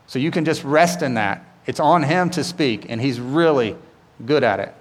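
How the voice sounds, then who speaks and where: A man's voice: mid-range voice, animated, moderate pace, in a large hall. A man pastor giving a sermon in a casual, conversational way, often asking rhetorical questions and checking in with "right?".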